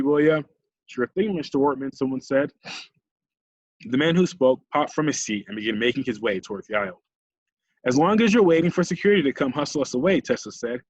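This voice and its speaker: A man's voice: no echo, lo-fi sound. Man reading a children's novel aloud. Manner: voices characters with raised pitch and quickened pace.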